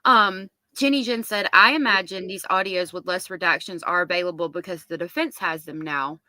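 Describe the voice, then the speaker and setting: A woman's voice: fairly low pitch, normal speed, sharp tone, dry recording. A woman hosting a casual livestream, reading viewer comments aloud and reacting to them. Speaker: livestream host.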